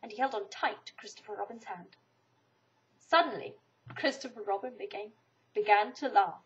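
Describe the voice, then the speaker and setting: A woman reading a children's storybook aloud in an expressive, animated way. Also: mid-range voice, moderate pace, breathy edge. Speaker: storybook reader. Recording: dull lo-fi recording.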